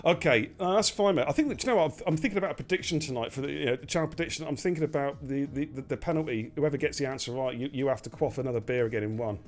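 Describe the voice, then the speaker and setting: A man hosting a sim racing stream, commentating live and repeating phrases when he gets excited. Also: medium pitch, very fast, few pauses, faint music behind.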